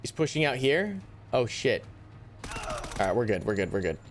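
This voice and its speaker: A young man giving live commentary on a tactical shooter, animated and easily exasperated, groaning and swearing at setbacks. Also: mid-range voice, moderate pace, slight background noise. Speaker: gaming YouTuber.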